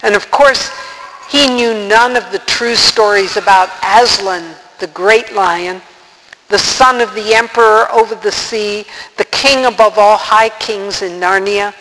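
A man reading a storybook aloud in an unhurried, gentle storytelling manner. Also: sits high, in a large hall, a little hiss or hum, rough recording. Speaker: narrator.

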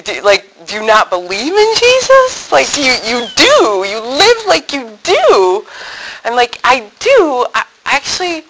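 A woman tells a personal faith story to an audience, her voice edged with gravelly fry. Her tone is bright and forward. She is animated and acts out the family members she quotes. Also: sits high, a little slow, slight background noise, poor audio. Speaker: speaker sharing a faith testimony.

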